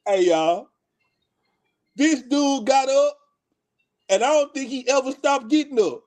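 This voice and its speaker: Houston man, high-pitched, animated storyteller, casual slang, podcast co-host. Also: takes it slowly, pauses often. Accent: Houston, Texas. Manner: animated, laughs while telling stories, slangy. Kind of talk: casual storytelling among friends.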